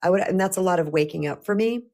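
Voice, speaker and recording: Chatty middle-aged woman coach, lowish voice. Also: fast. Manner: chatty, animated, with frequent restarts. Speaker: spiritual empowerment coach. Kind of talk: casual live-stream talk.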